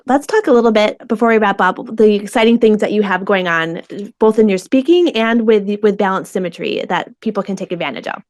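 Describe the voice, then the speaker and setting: A woman's voice: mid-range voice, fairly quick, few pauses, no echo. Affirming woman podcast host, dry sound. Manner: warm and affirming, asks reflective questions. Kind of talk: conversational interview.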